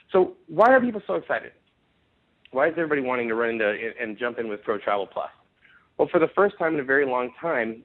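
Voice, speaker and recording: A man leading a network marketing conference call, giving an upbeat, emphatic sales pitch with frequent restarts. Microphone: phone conference call. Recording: tinny phone line.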